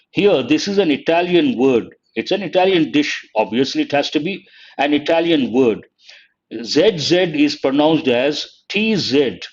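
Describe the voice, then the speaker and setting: A man's voice: a little high, highs cut off. A man, teaching an exam-prep lecture online, quizzing students and spelling words letter by letter. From India. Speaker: English teacher.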